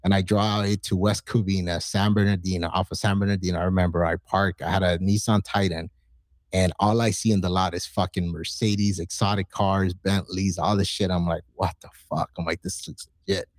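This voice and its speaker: A man in his forties telling stories in casual, profane chat, acting out quoted lines with excitement. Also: low-pitched, a little fast, dry recording. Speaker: podcast guest.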